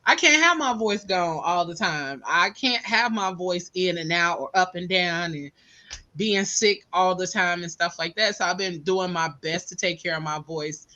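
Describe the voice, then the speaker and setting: Southern woman host, bright and lively, chatty and laughing. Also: on the low side, normal speed. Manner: animated, laughing storyteller. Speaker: podcast host. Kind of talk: casual podcast chat.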